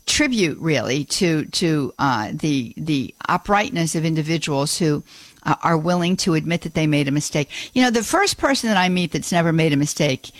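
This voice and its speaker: A woman's voice: low-pitched, animated, moderate pace, no echo. A woman hosting a Catholic call-in radio show, with folksy, gushing exclamations. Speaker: radio host.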